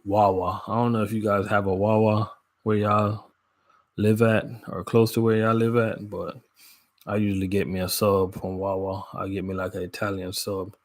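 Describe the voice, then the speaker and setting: A man from Jamaica hosts a casual livestream in a low voice. He chats in relaxed slang, calls out viewers by name and laughs often. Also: moderate pace. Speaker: livestream host. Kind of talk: casual live chat with viewers.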